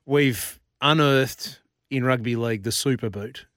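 A man's voice: medium pitch, measured pace, fairly bright tone, no room sound, studio quality. A man hosting a radio show, easygoing and prompting his guest with short questions. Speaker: radio host. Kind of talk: casual chat.

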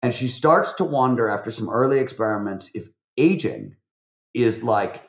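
A man, a podcast guest, tells stories in an animated way, with lots of fillers and restarts. His voice jumps up when he quotes people. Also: medium pitch, moderate pace. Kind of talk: animated interview storytelling. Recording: roomy, slightly dull recording.

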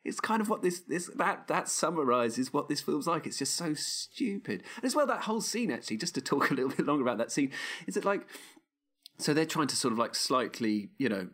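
A man's voice: fairly high pitch, big pitch swings, brisk, fairly bright tone. A man co-hosting a casual film podcast, talking in a wry, rambling way and often breaking off mid-sentence. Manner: wry, rambling, self-interrupting. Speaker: podcast co-host.

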